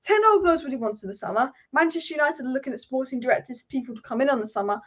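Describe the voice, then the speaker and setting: A fired-up woman hosts a live football stream from home, ranting quickly and with passion. Her voice sits a little high. The sound is dull and lo-fi. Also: expressive. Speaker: football channel host.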